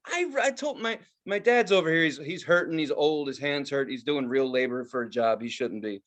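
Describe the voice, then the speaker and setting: Animated high-voiced man, crude comic chat. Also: moderate pace. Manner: animated, profane, loud impressions of others. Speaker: podcast co-host. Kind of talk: casual comedic chat.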